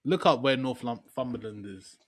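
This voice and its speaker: A British man with a mid-range voice, talking loosely and trailing off as he co-hosts a film podcast. His delivery is relaxed and stubborn, the easy back-and-forth of friends arguing a point. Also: medium pitch, measured pace. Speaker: podcast co-host. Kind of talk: casual chat.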